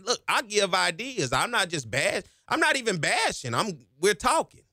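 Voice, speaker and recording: A man's voice: sits high, sing-song, normal speed, bright, forceful tone, dry recording, studio quality. Passionate, fired-up male radio host. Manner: passionate, gets himself hyped up as he talks. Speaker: radio talk show host. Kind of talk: energetic talk radio monologue. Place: radio studio. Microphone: studio microphone.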